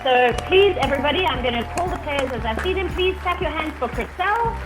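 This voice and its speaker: High-voiced host cheering over music. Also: female voice, expressive, fast talker, over a noisy crowd, low-quality recording. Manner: warmly effusive, cheering names. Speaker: show host. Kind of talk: closing thanks and applause calls. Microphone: video call.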